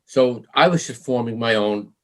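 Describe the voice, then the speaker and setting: A man's voice: medium pitch, normal speed. A middle-aged man from New York, a musician guest, telling stories in an interview, acting out quoted voices and laughing as he goes. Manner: animated storyteller, acts out quoted voices, laughs often. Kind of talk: storytelling interview.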